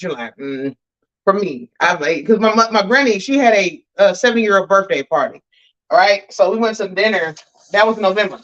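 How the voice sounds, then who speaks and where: A woman's voice: medium pitch, a bit bright, muffled recording. Chatty woman live-streaming her cooking. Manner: chatty, talks straight to viewers as y'all. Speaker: cooking vlogger. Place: home kitchen.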